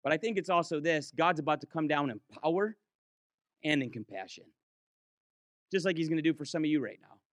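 A man preaching a sermon in church, impassioned, swinging between quick urging runs and slow, drawn-out emphasis. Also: a little high, expressive, no echo, studio quality.

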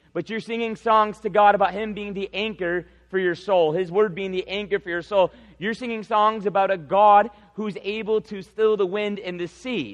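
A male pastor preaching a sermon in a church, reading scripture slowly and speaking with emphasis. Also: high voice. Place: large church sanctuary. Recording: reverberant hall.

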